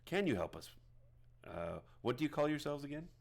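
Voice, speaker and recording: A man's voice: a little high, very animated, fairly quick, creaky, pitched above the performer's own voice. A man voicing a wizened, scarred old male fish-folk leader who speaks hesitantly and defers to others. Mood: measured.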